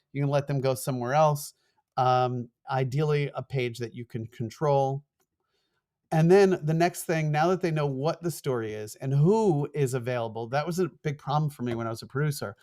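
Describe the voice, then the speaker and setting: A middle-aged man with a New York accent, a former TV producer lecturing fast in an online course and acting out quoted emails. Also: a little high. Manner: fast-talking, animated, acts out quoted emails.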